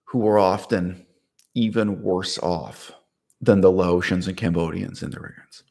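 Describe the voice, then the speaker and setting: A man's voice: sits low, fairly even intonation, a little slow, vocal fry, dark tone. A man talking to camera in a casual, unscripted monologue, rambling with restarts and asides. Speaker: video essayist.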